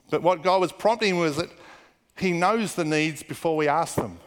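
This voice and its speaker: A man preaching a sermon as a pastor, telling stories and dropping into hushed, muttered asides when he quotes people. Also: on the high side, normal speed, big-room sound.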